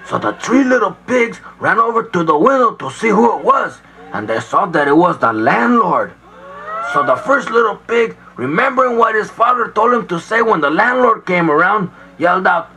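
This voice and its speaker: A man with a high, animated, gravelly voice tells a rambling comic fairy tale. The sound comes off an old vinyl record with a faint hiss under it. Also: normal speed, rough recording. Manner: loose, laughing childlike storytelling with playful voice jumps. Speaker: storyteller. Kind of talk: comedy record storytelling.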